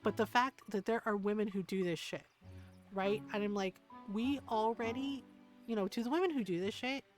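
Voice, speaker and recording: A woman livestreamer talks at an ordinary middle pitch, venting in a heated, profane way and peppering every sentence with "like" and "right?". Quiet game music plays underneath her voice. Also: moderate pace. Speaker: streamer. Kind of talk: casual livestream chat.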